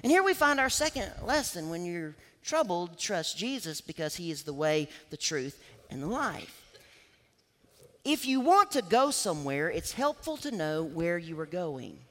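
A preacher delivering an emphatic sermon and acting out the quoted scripture lines. The voice sits at a middling pitch but swings widely in animated rises and falls. A long hall reverb trails every phrase. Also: unhurried.

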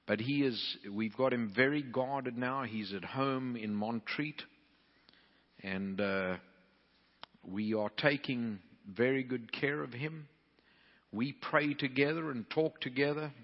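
A man preaching to fellow ministers in a folksy, animated way, stumbling over restarts as he talks. His voice carries a long reverb from a large hall, and the sound is dull and muffled. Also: mid-range voice, takes it slowly. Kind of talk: storytelling sermon to preachers.

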